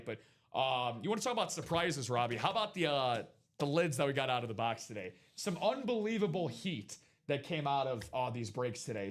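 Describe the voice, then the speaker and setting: A man hosting a live autograph break stream, chatty and hyped, joking with his co-host. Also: medium pitch. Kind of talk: upbeat live-stream sales patter. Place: studio break room.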